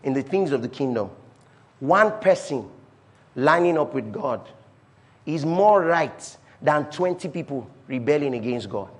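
With a slightly high, husky voice and lively intonation, the pastor preaches unhurriedly. His emphatic delivery repeats refrains and moves between booming declarations and soft asides.

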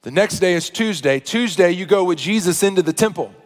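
High-voiced man preaching in a hall. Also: lively intonation, a little fast. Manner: storytelling, shifting from hushed to loud preaching. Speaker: pastor. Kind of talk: sermon.

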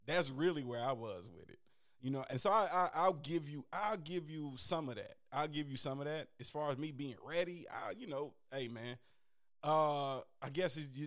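A man talking casually and candidly about dating, animated and profane, getting loud and high when worked up. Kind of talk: casual chat.

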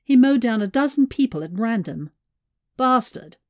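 A woman's voice: mid-range voice, lively intonation, moderate pace, darkish tone, dry recording, close to an everyday voice. Brief: narrator doing a hard-edged woman agent, blunt, sardonic, dry sound. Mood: grim. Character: blunt, tough female operative, sardonic.

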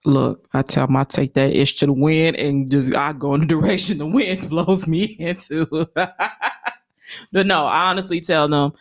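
A woman's voice: sits low, steady tone, normal speed, no echo. A woman co-hosting a casual podcast, talking in easygoing slang. She is playful and breaks into laughter often. Her voice is close and dry with no room sound. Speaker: podcast co-host. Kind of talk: casual chat.

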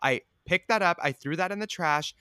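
A man's voice: a little high, fairly quick, pushed and bright, clean tone, no room sound, studio quality. A young man chatting casually with his older brother, playful and self-mocking, often breaking into giggles. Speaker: podcast co-host, younger brother. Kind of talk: casual chat.

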